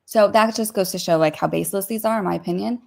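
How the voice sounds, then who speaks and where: A woman co-hosting a casual livestream, talking through court filings in a rapid, opinionated way with many fillers. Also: mid-range voice, gravelly. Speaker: co-host discussing court filings.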